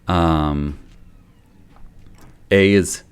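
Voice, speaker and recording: A man hosting a live-streamed parenting Q&A, explaining discipline in a calm, gentle way. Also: low voice, very slow, clean tone. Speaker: pediatrician and parenting host. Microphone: webcam or phone, live stream.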